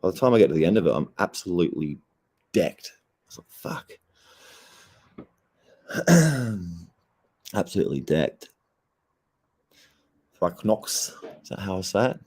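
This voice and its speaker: A man's voice: low-pitched, sing-song, moderate pace, long pauses, a little mellow, slightly rough. A young Australian man, stoned and laid-back, rambling and swearing heavily in a casual livestream chat. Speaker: streamer.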